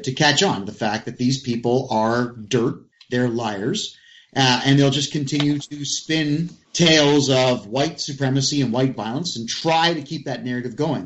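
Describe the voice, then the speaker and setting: Male talk host, mid-pitched, emphatic ranting delivery, dull lo-fi audio. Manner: emphatic, ranting, addresses listeners directly. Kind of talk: casual political talk.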